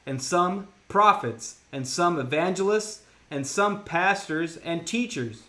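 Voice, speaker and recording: A man reading scripture aloud in a measured way and answering the host with short affirmations. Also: high voice, lively intonation, pushed and bright, echoey room.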